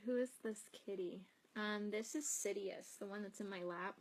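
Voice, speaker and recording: A woman's voice: mid-range voice, moderate pace, hardly any pauses, a little hiss or hum. A young woman hosting a casual live stream from home, reading viewer comments aloud and chatting in a rambling, easygoing way with frequent laughs. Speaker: psychic host answering live comments. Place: home, with cats nearby.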